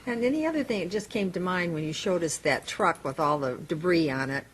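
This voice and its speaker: A woman mayor chairing a city council meeting, plain-spoken and halting, with frequent fillers. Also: lowish voice, lively intonation, a little hiss or hum, low-quality recording.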